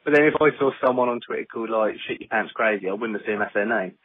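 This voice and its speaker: A man co-hosts a podcast in casual chat, rambling along and laughing easily. His voice is low and husky, and it comes through a thin, phone-like line. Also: fast. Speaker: podcast co-host. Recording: phone-like low-fidelity audio.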